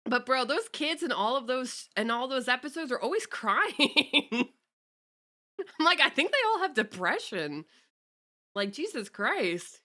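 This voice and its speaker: A woman's voice: high-pitched, sing-song, unhurried, sharp tone. A young woman streamer chatting casually with her viewers, greeting them and cursing offhandedly. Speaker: VTuber streamer. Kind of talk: casual livestream chat.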